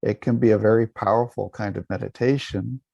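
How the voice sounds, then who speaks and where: Male meditation teacher, dry close sound, low relaxed voice, casual guiding tone. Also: gravelly, no room sound, muffled recording. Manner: relaxed, unhurried, with fillers and restarts. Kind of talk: guided meditation.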